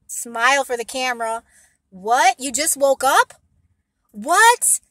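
A woman's voice: high voice, expressive, takes it slowly, fairly bright tone, no echo. A woman vlogger giving rambling, emphatic advice to her viewers in a casual monologue, blunt and sometimes swearing.

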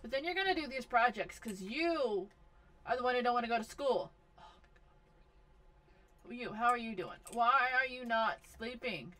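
A woman's voice: a little high, lively intonation, normal speed, long pauses, bright, forceful tone. A woman giving casual commentary over a life simulation game, talking to and scolding her characters with frequent exasperation. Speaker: gaming video host.

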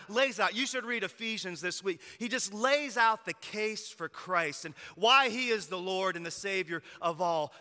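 Male pastor, high piercing voice, conversational sermon, church hall reverb. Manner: conversational storytelling, swinging from loud emphasis to quiet. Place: church sanctuary.

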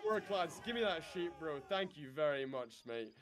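A man's voice: fairly high pitch, expressive, normal speed, a bit bright, some chatter behind. A man in game voice chat, leading his squad with bossy drill-sergeant orders. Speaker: player leading a unit in voice chat.

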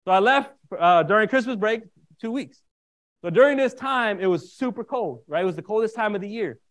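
A minister with a high voice preaches a sermon a little fast, telling a personal story in an animated way. He often checks in with his listeners as he goes.

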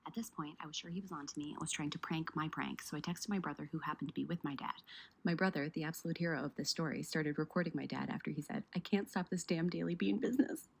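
Fast husky woman telling a prank story. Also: sits low, fairly even intonation, rough recording. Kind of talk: scripted storytelling narration.

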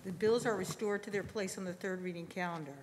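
A woman presiding over a legislative session in a measured, formal manner. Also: mid-range voice, slight background noise. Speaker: presiding officer. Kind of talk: formal parliamentary procedure. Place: large legislative chamber. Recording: long reverb of a large chamber.

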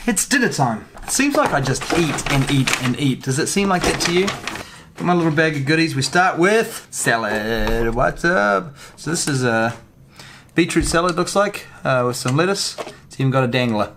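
A man vlogging casually to camera from a hotel room, chatty and excitable, laughing often. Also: a little high, normal speed, background noise. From New Zealand. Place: hotel room during quarantine.

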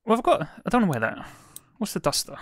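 A man's voice: high voice, very animated, quick pace, a bit bright. A man giving casual let's play commentary, chatty and musing, with hesitant restarts.

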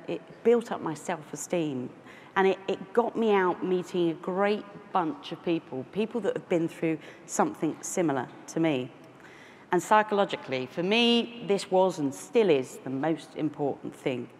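A woman in her forties from London, with a London accent, giving a conference keynote full of self-deprecating asides and restarts. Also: sits low. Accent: London English. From London, England. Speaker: keynote speaker. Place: large conference hall. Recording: echoey hall with faint noise.

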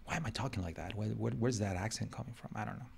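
A man's voice: lowish voice, fast talker, gravelly, husky. A man for whom English is a second language, chatting in a rambling, joking way during a live drawing stream. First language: not English. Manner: rambling, self-mocking, joking. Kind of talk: casual live-stream chat while drawing.

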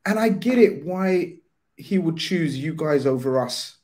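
A man's voice: a little high, expressive, unhurried, a little mellow, a little hiss or hum. A man, a guest in a casual football chat, telling stories animatedly and swearing freely.

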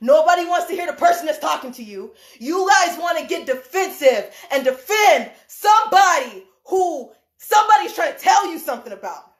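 A woman hosting a heated live stream rant from a room indoors. She is animated and emphatic, laughs often, swears, and repeats her points. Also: very high-pitched, normal speed, hardly any pauses. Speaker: livestream host, dance choreographer. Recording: echoey room.

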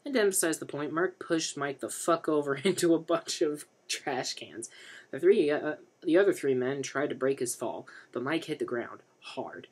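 A man reading a novel aloud in a comic style, his narration dry and wry. He slips in deadpan asides between the lines. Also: mid-range voice, moderate pace, slightly rough. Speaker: reader.

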